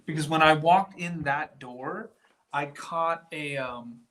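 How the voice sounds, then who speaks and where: A man investigating an old building, talking excitedly and rambling with lots of fillers, sometimes dropping to a whisper. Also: fairly high pitch, takes it slowly. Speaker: paranormal investigator. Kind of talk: live on-location ghost hunt. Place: walking through an old building indoors.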